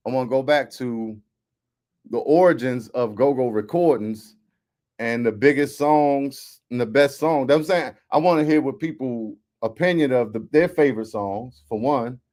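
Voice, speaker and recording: A man's voice: mid-range voice, normal speed, darkish tone. A man hosting an online radio show, chatting casually with listeners and loosely introducing the topic.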